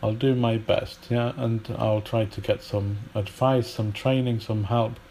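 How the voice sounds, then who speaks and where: A man teaching English in a relaxed spoken lesson, chatty and thinking aloud with fillers and restarts. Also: fairly low pitch, unhurried, a little hiss or hum, low-quality recording.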